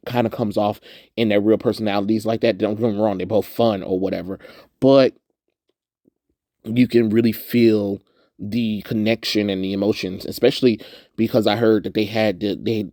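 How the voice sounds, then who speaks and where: A man's voice: fairly low pitch, gravelly, a little mellow, no echo, clean studio sound. A young man from the suburban American South chatting casually through a movie review, rambling with lots of "um"s and frequent laughs. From Southern United States, suburban.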